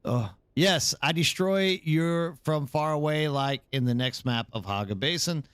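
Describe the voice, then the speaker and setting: A man's voice: a little high, unhurried, fairly bright tone, clean tone, no echo. Tired, rambling male streamer. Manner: rambling, answers chat by name. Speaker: live streamer. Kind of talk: casual live stream chat.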